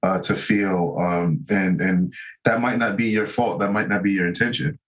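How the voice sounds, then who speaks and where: A man's voice: low-pitched, moderate pace, highs cut off. A man speaking as a guest therapist in a casual conversation, reflective and explaining ideas step by step.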